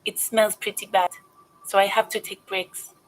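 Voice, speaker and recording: A woman's voice: medium pitch, little pitch movement, normal speed, slight background noise, natural voice, low-quality recording. A woman voicing a wary adult female gardener in a video game, guarded and a little defensive.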